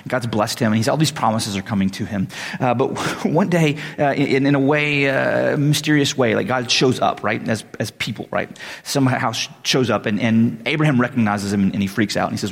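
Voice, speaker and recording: A man preaching in a loose, conversational way, slipping into quick voices for the people in his stories. His voice is gravelly and a little husky, and a long reverb from a large hall trails behind every phrase. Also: mid-range voice. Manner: conversational, animated, acts out voices. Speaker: pastor. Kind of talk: casual sermon.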